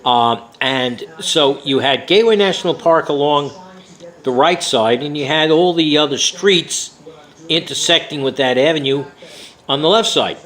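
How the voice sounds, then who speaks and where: A man's voice: fairly high pitch, a bit bright, poor audio. An older man from New York, recounting a story from his memoir with many fillers and a rambling, conversational way of talking. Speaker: memoir author.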